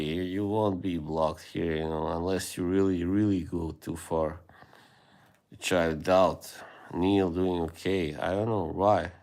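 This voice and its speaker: With a deep voice, a man hosts a livestream and chats casually with his viewers. He rambles hesitantly, filling gaps with many fillers and soft laughs.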